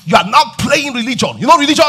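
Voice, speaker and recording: Nigerian pastor, male, high and bright, shouting sing-song preaching with call-and-response. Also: big pitch swings, rapid-fire, slightly rough. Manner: repeats refrains and calls on the congregation. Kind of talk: sermon. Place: church service.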